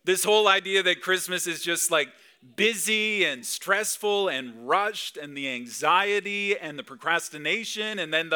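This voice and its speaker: A man's voice: high voice, a little slow, sharp tone, clean tone. A man preaching a Christmas Eve sermon in a church service, chatty and full of rhetorical questions to the crowd. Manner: conversational, asks the crowd lots of rhetorical questions. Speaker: pastor.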